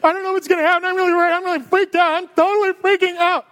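A man's voice: very high voice, moderate pace, voice pushed up. A man preaching a sermon while voicing a doubting old male priest in an anxious, whiny way. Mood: panicky.

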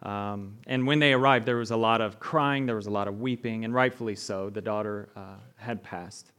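A man's voice: fairly low pitch, moderate pace, clear, resonant tone. A male pastor giving a conversational sermon, often asking "right?" and acting out the people in the story. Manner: conversational preaching, asks the room "right?", animated retellings.

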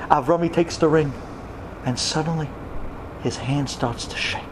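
A rabbi tells a story with dramatic flair, voicing the characters himself and swinging between loud, high outbursts and hushed whispers. He speaks at normal speed over a noisy background.

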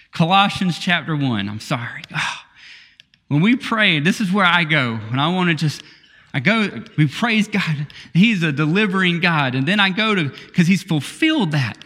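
Animated preaching man in a reverberant hall. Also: sits high. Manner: animated preaching, laughs often, drops to quiet asides. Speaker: pastor. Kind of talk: sermon.

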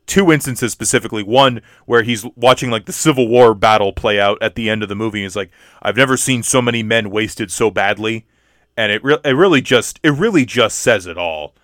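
Male co-host, eager and stumbling, mid-pitched, dry close recording. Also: a bit bright, no echo. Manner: enthusiastic, stumbling restarts. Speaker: podcast co-host. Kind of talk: casual film discussion.

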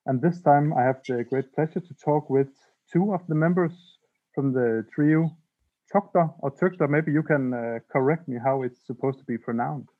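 A man's voice: medium pitch, moderate pace. Man hosting a podcast on a tinny line. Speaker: podcast host. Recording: tinny phone-like sound.

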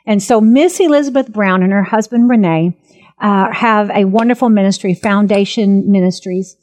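A woman in her fifties, a minister, telling her testimony in an earnest, emphatic and animated way. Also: mid-range voice, moderate pace. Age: 50s. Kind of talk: personal testimony talk.

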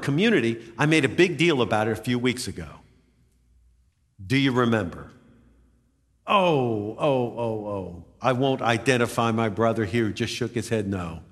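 A man preaching a sermon to his congregation, with lively emphasis and easy jokes with the listeners. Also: medium pitch. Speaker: pastor. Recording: reverberant sanctuary, voice sometimes far from mic.

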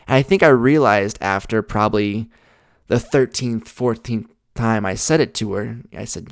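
A man's voice: lowish voice, moderate pace, vocal fry, no echo, studio quality. A young man hosting a podcast, telling rambling, self-deprecating stories in a blunt, casual way. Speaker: podcast host. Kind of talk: casual storytelling monologue.

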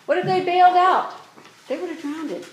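A woman preaching a sermon, reading scripture aloud slowly and exhorting her congregation earnestly. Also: very high-pitched. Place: church. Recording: echoey room with faint noise.

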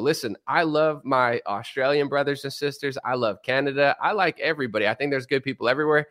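A male podcast host who keeps things loose and talks in a middle pitch. He reads out items and riffs on them with a dry, sarcastic streak and a lot of jokes. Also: a little fast, fairly bright tone. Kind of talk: casual political chat.

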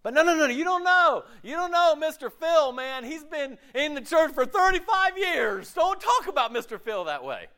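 A man doing a high, mocking voice of an indignant male churchgoer who defends a longtime member. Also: sing-song, normal speed, few pauses, bright, forceful tone, exaggerated voice.

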